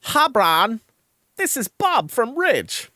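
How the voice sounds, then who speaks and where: A man voicing a chipper male corporate sponsor representative who delivers an overly upbeat, scripted sales pitch. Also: big pitch swings, slow pace, sharp tone, no room sound, clean studio sound, heavily acted. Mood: falsely cheerful.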